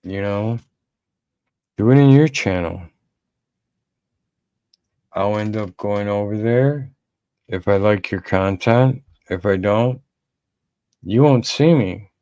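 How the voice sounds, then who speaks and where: A man's voice: lowish voice, darkish tone, clear, resonant tone, no echo. A man co-hosting a podcast in casual talk, emphatic and repeating his key lines. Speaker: podcast co-host.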